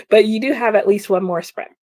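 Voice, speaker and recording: A woman's voice: medium pitch, darkish tone, dry recording, clean studio sound. A woman hosting a casual livestream, chatting about chat comments with frequent laughs and lots of "like" fillers.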